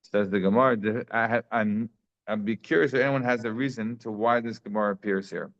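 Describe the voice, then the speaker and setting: A man's voice: on the low side, fairly even intonation, brisk, fairly bright tone. A man giving a daily Talmud class in a conversational way, thinking aloud with frequent restarts. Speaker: Talmud teacher. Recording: slightly dull lo-fi sound.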